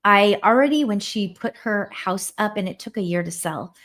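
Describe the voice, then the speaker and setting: A woman in her forties chats on her home livestream, warm-hearted and rambling. She stops to answer viewers' comments as they come in. Her pitch sits in the middle of the range for a woman. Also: animated, normal speed. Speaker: livestream host. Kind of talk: casual live-stream chat.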